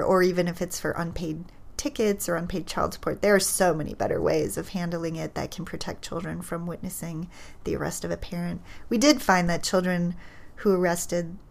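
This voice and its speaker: A woman who is a child psychologist, explaining research findings in a thoughtful, measured way, with fillers and restarts. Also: fairly low pitch, fairly even intonation, creaky.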